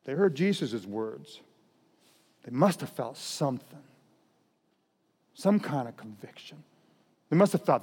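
A middle-aged man preaching a sermon in a conversational style, swinging between loud emphatic bursts and soft, quiet drops. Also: medium pitch, very animated, a little slow, pauses often, husky. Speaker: pastor. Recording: long hall reverb.

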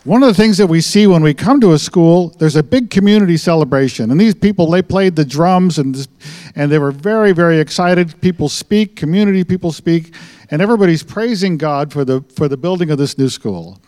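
A man's voice: fairly high pitch, lively intonation, brisk, darkish tone. Earnest man presenting mission work. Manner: earnest, explaining, with restarts. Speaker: missionary doctor. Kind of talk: slide presentation talk.

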